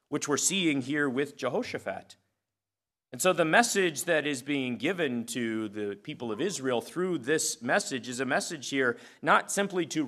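A man's voice: mid-range voice, fairly bright tone. A man preaching a sermon as pastor, earnest, reading scripture aloud with occasional fillers.

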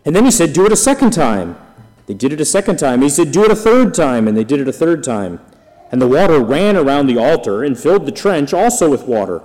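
A man giving an expressive scripture reading, lifting his voice dramatically on the quoted speech. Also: fairly high pitch, a little fast, faint music behind. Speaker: scripture reader. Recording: long hall reverb.

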